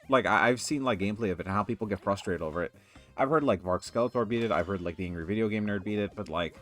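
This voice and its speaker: Rambling man over faint game music. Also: fairly low pitch. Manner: rambling, exasperated ranting. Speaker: let's play commentator. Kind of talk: casual gameplay commentary.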